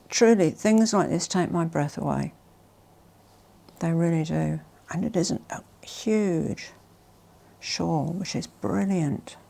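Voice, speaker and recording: Woman doing a haul vlog, bit of vocal fry, gets all emotional and whispery. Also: lowish voice. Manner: gushing and emotional, drops to soft whispers. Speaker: fashion vlogger.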